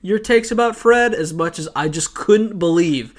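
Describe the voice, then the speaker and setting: A man's voice: high-pitched, moderate pace. A man from Georgia with a mild Southern accent, co-hosting a podcast in a casual, teasing chat. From Georgia, USA. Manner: teasing, wry joking. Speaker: podcast co-host. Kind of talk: casual chat recapping an episode. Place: studio at a podcasting table.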